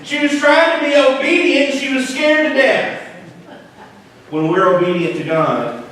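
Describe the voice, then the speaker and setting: A man preaching a sermon as pastor, with dramatic swings from loud to hushed. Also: extremely high pitch, big pitch swings, unhurried. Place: church sanctuary. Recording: echoey church hall, mic at a distance.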